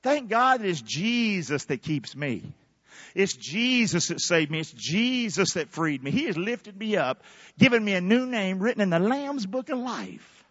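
A man preaching a fervent sermon in a church, shouting call-and-response lines to the congregation. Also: high-pitched, big pitch swings, unhurried, dry recording, dull audio. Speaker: pastor. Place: church sanctuary.

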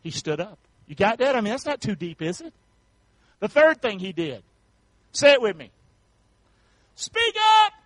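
A male pastor preaching a sermon, calling out to the congregation for responses and building up to shouts. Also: sits high, very animated, moderate pace, no echo, low-quality recording.

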